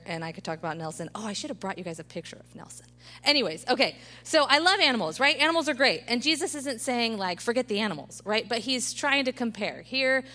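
Bright-voiced woman preaching a lively sermon. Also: medium pitch. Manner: animated storytelling, asks the room "right?" often. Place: church service.

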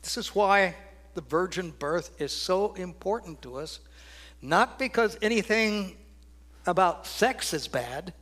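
An older man preaching a sermon with a high voice that rings out bright and forceful on the big lines. He then drops to hushed, near-whispered phrases for emphasis, with wide swings in loudness. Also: expressive, slow pace.

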